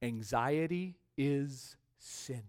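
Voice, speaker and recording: A man preaching a sermon as pastor, stressing key words by repeating them and swinging between quiet drops and loud rises. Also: mid-range voice, very slow, clear, resonant tone.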